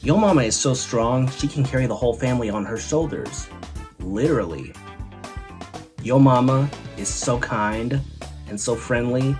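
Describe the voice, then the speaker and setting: A man's voice: medium pitch, normal speed, music in the background. A man hosting a comedy show, telling one joke after another in an upbeat way and leaning on the punchlines. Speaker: host.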